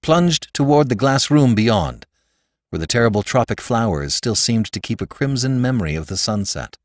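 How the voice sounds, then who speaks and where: A man narrating a classic story in an expressive, dramatic reading style as a podcast host. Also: mid-range voice, normal speed, dry recording, studio quality. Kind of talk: audiobook narration.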